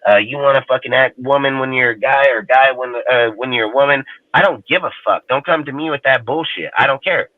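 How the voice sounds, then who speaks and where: A man's voice: mid-range voice, fairly quick, hardly any pauses, dry recording. Blunt, cursing man over tinny call audio. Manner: profane, blunt, heated. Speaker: roundtable panelist. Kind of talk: casual ranting chat.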